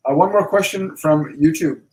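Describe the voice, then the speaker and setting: Man medium relaying messages, echoey room. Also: on the high side. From Canada. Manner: repeats phrases, slow and emphatic when relaying messages. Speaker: medium hosting a live Q&A. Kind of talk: live stream Q&A, relaying messages.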